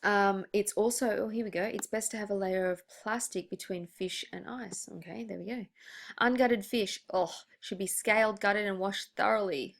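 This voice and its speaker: A woman's voice: mid-range voice, fairly even intonation, normal speed, gravelly. A young woman teaching a hospitality lesson, reading from slides in a chatty way with many ums, restarts and asides.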